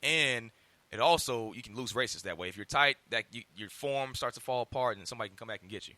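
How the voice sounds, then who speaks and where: A man's voice: mid-range voice, pushed and bright, no echo. A man hosting a casual interview, talking loosely with many fillers. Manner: fast, loose talk full of fillers.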